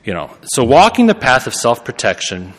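A man's voice: mid-range voice, wildly swooping pitch, normal speed. A man preaching a sermon in a conversational way, correcting himself and laughing at his own remarks. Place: church. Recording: long reverb of a church hall.

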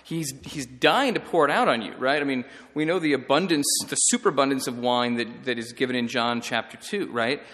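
A man who is a priest talks through how to read scripture aloud in an easy, animated teaching style, tagging his points with "right?". His voice sits in an ordinary middle pitch and carries a long hall reverb around it. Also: fairly quick, hardly any pauses. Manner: conversational, animated, frequent "right?" tags. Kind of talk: teaching talk on scripture reading.

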